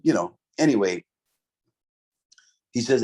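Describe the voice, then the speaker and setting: A man's voice: fairly high pitch, sing-song, brisk, long pauses, a little mellow, husky. A middle-aged man, telling a story from his past in a casual, profane, streetwise way, full of "bro" and "right?". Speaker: interview guest, former convict.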